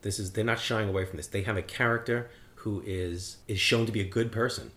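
A man's voice: lowish voice, steady tone, brisk, fairly bright tone. A man co-hosting a podcast, talking casually and at length about a film, rambling and swearing freely. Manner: rambling, profane, opinionated. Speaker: podcast co-host reviewing a film.

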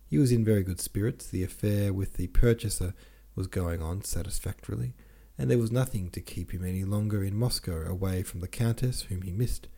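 A man narrating a classic novel aloud in a measured, steady reading. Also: sits low, creaky. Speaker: audiobook narrator.

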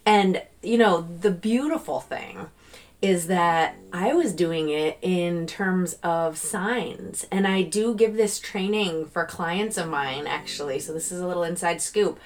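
Woman in her thirties, solo podcast host, lowish voice, casual and animated, breaks into gushing quoted thanks. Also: unhurried, slight background noise. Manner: chatty and animated, bursts into excited quoted gratitude.

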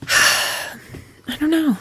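A woman co-hosting a casual podcast, talking about reality TV in an animated, exasperated way and swearing freely. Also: extremely slow. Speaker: podcast co-host. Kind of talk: casual reality-TV recap chat.

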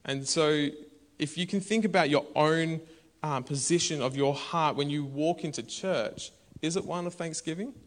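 A man's voice: a little high, moderate pace. A man, preaching a conversational sermon in a church. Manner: conversational and animated, bursts into shouts. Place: church hall.

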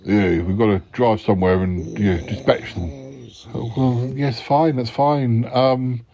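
A man's voice: on the low side, steady tone, measured pace, mellow, slightly rough. A man hosting an improvised comedy podcast, hesitant and polite, often stammering. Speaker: podcast host. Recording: dull lo-fi recording.

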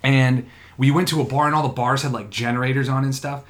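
A man's voice: mid-range voice, fairly even intonation, quick pace. Man telling rambling, profane stories on a podcast. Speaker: podcast co-host or guest. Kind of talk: casual podcast chat.

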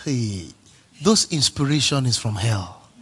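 A male pastor preaching a sermon, emphatic and repetitive, swinging from soft to near-shouting. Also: mid-range voice, expressive, measured pace, slightly rough.

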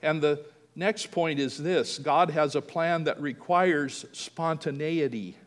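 A man's voice: fairly high pitch, slow pace, long reverb tail. A man preaching a sermon, telling a family story and acting out the quoted voices. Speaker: pastor.

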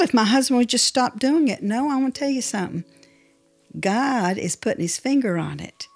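A woman's voice: fairly high pitch, darkish tone. A woman hosting a faith-based teaching podcast, speaking emphatically and repeating her key phrases. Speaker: podcast host and Christian speaker.

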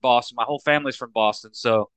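A man's voice: mid-range voice, quick pace, a bit bright, clean tone, no echo, poor audio. A man co-hosting a sports show, chatty and joking while asking questions. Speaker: co-host. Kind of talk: casual sports podcast chat.

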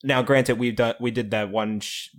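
A man's voice: medium pitch, steady tone, normal speed. A man co-hosting a podcast, speaking casually and hesitantly with many fillers. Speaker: podcast co-host. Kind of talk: casual chat.

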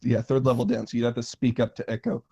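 A man running a tabletop game as game master, narrating in a halting way with many pauses. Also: medium pitch, level tone, mellow, husky.

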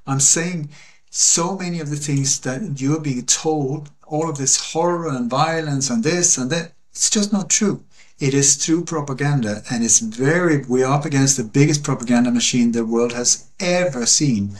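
Guy, earnest and emphatic, repeats stuff for weight, mid-pitch voice on a call. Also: normal speed. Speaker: interview guest. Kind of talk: passionate conversational monologue.

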